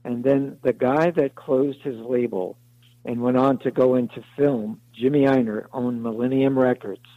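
A man's voice: mid-range voice, fairly even intonation, unhurried, no room sound. Man telling stories on dull radio. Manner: rambling anecdotes, acts out others' voices. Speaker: songwriter guest. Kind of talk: interview storytelling.

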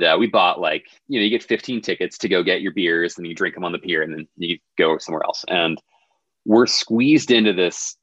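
A man's voice: deep voice, a bit bright, no room sound, highs cut off. A man telling a funny story as a podcast guest in a laid-back, self-deprecating way. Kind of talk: casual storytelling.

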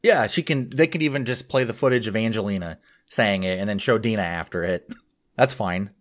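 A man's voice: on the low side, a little fast. A man co-hosting a podcast in casual chat, loose and profane, laughing often. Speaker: podcast co-host.

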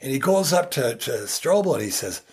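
A man's voice: medium pitch, very animated, a little fast, breathy edge. A man in his sixties, a former hockey player, telling a story on a podcast and laughing through his punchlines. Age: 60s. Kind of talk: casual storytelling.

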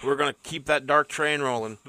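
A man's voice: on the high side, steady tone, brisk, pushed and bright, dry recording, clean studio sound. A middle-aged man co-hosting a casual podcast, laid-back and joking, with plenty of "uh" and "like". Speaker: podcast co-host.

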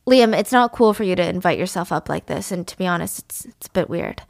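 A woman's voice: fairly low pitch, lively intonation, fairly quick, vocal fry, darkish tone, no room sound, clean studio sound. A woman voicing an uneasy man who hesitantly asks an intruding guest to leave. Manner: hesitant, uncomfortable. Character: uneasy, awkward younger man asked to leave.

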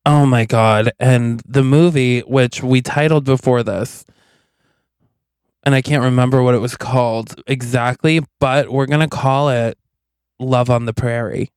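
Smooth-voiced man co-hosting a comedy podcast. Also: mid-range voice, fairly even intonation, measured pace, a little mellow, no echo, studio quality. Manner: playful, exclamatory. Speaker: podcast co-host. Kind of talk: casual comedy podcast banter.

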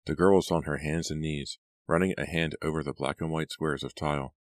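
A man narrating an audiobook in a steady, even reading. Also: extremely low pitch, a little fast, dry recording. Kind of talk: scripted narration.

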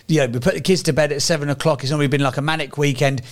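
A man's voice: a little high, steady tone, rapid-fire. A man co-hosting a podcast in casual chat, rambling and swearing freely. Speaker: podcast co-host.

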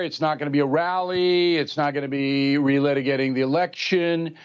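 A man's voice: fairly high pitch, dull audio. An older man in his seventies giving blunt, emphatic political commentary in a talk show interview, mocking politicians by mimicking them.

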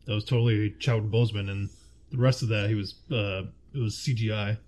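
A man's voice: on the low side, steady tone, a little fast, a little mellow. A man in casual chat, rating films with a friend, laughing often and searching aloud for names.

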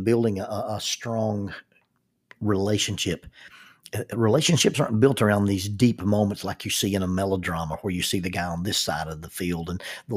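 A man's voice: lowish voice, slightly rough. A man giving a reflective spoken talk, thoughtful, with frequent restarts and rhetorical questions.

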